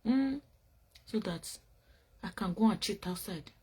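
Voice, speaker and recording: A woman's voice: medium pitch, animated, unhurried, a little mellow, husky. A woman hosting a casual commentary show, talking bluntly and scolding in repeated phrases. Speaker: show host.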